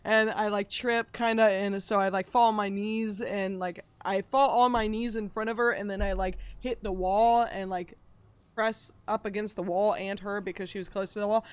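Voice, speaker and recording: A woman streamer in casual chat, rambling through a long story with loose swearing and sudden loud, excited bursts. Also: mid-range voice, moderate pace, smooth, no room sound.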